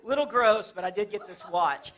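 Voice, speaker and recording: A man does comedy in a church, his voice sitting high and a bit bright at a normal speed. Acting out characters and telling lively stories, he laughs at his own jokes as the audience in front of the stage cracks up.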